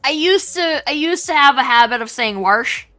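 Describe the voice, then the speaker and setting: A woman's voice: high-pitched, animated, brisk, sharp tone, soft background music. A woman with a southern Wisconsin accent, chatting casually and rambling on a livestream as an artist co-host. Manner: chatty, rambling, many restarts.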